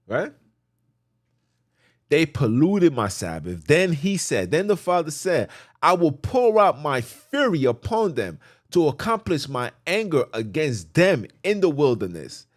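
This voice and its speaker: Man, podcast host, preacherly teaching, casual slang, repeats himself, slightly high voice, very lively pitch, dry close sound. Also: no echo. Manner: preacherly, repetitive, sliding from loud emphasis to near-mutters. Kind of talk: religious teaching monologue.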